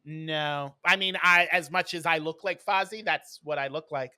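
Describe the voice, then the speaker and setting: A man's voice: a little high, normal speed, bright, forceful tone, smooth, dry recording. A man co-hosting a casual podcast chat, telling stories in a blunt, snarky way. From New York. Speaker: podcast co-host.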